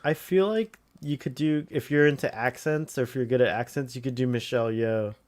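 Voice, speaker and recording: Man, watch-along co-host, easygoing, quick reactions, mid pitch. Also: a little mellow. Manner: easygoing, short reactions, laughs readily. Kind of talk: casual commentary chat.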